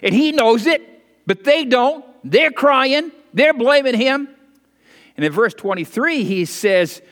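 A pastor delivering a sermon, telling stories with lively, rambling asides before coming back to scripture. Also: male voice, very high-pitched, slow. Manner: animated, digressive storytelling with asides. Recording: long reverb of a hall.

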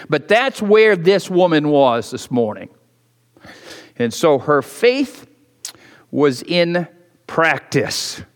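A man preaching a sermon to a congregation in a conversational style, his voice rising and dropping for emphasis. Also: a little high. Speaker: pastor. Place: church sanctuary. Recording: long hall reverb of a church.

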